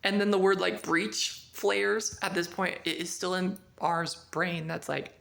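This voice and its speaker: A woman casually reviewing a book, retelling the plot in a rambling, animated way with lots of "like". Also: fairly low pitch, a little slow, vocal fry, hardly any pauses.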